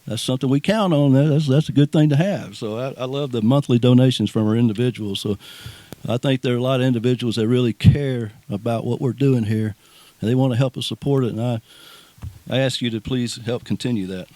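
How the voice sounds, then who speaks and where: A man's voice: medium pitch, brisk, warm tone, dry recording. A man giving a rambling, folksy speech of thanks outdoors, often repeating words and restarting. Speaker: speaker at a ribbon cutting. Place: outdoors at a nature preserve.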